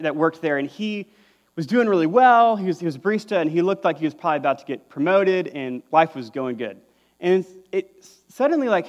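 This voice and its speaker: A young man, preaching a conversational sermon as a pastor, full of fillers and restarts. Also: fairly high pitch.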